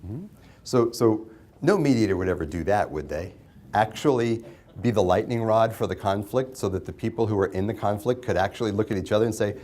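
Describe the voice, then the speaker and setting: A man's voice: on the low side, fairly quick, a little mellow, a little hiss or hum. Man teaching a class on mediation. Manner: conversational, asks the class questions and repeats their answers. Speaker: mediation instructor. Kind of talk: interactive classroom lecture.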